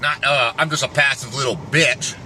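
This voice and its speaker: A man's voice: mid-range voice, steady tone, moderate pace, background noise. A man giving a rambling, profane vlog monologue, often breaking off and restarting his sentences. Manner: profane, restless, self-interrupting. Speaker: fitness vlogger.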